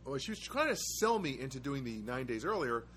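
A man in the middle of his register, rambling through stories in a relaxed casual monologue. He adds dry jokes and pauses often to find his words. A faint noise floor sits under the voice. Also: mid-range voice. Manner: rambling storyteller, wry asides, frequent hesitations. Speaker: host of his own live show. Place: studio apartment.

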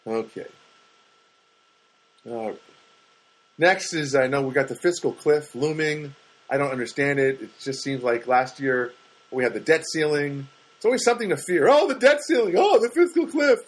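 A man's voice: normal speed, long pauses, low-quality recording. A middle-aged man, a stand-up comedian, rambling through a comedic monologue and acting out what people said to him. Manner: animated, acts out quoted voices with big pitch jumps.

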